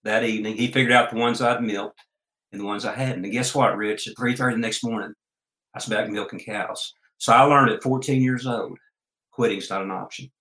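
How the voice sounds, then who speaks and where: A man's voice: fairly low pitch, fairly even intonation, a little fast, a bit bright. A man from Oklahoma, telling homespun stories as an interview guest in an earnest, folksy way. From Oklahoma, USA. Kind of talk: storytelling interview chat. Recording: roomy echo.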